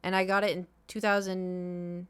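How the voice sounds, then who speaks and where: A young woman chats her way through a long story on a live stream, wandering off track as she talks. Her voice sits a little low, and the sound is close and dry, with no room around it. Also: flat delivery, a little slow, a bit bright, smooth, no echo. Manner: rambling and chatty, with many fillers. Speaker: livestreamer. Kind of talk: casual chat on a live stream.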